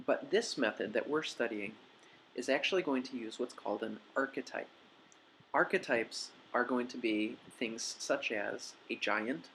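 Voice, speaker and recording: A man's voice: medium pitch, gravelly, a bit bright, slight background noise, poor audio. A young man patiently explaining a language-learning method as a lesson voice-over, with a few restarts. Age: young adult. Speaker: teacher.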